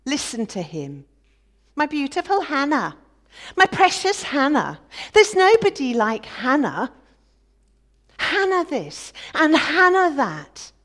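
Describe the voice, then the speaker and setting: A woman's voice: high-pitched, huge pitch swings, slow pace, fairly bright tone, pitched above the performer's own voice, heavily acted. A woman playing a jealous, scornful second wife. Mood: mocking. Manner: scornful, mocking, self-righteous. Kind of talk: biblical dramatic monologue.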